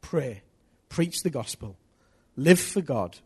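A man preaching a sermon, swinging from hushed, earnest lines to loud rallying questions to his congregation. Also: medium pitch, animated, slow pace, breathy edge.

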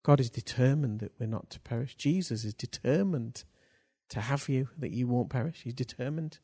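A man preaching a sermon, swinging between hushed lines and loud, drawn-out bursts for emphasis. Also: mid-range voice, husky.

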